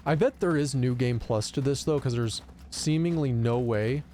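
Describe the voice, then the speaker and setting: A male game streamer talks casually over gameplay, animated and quick to curse. His voice sits at an ordinary middle pitch. A faint hum of room noise sits under him. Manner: animated storytelling, profane rants.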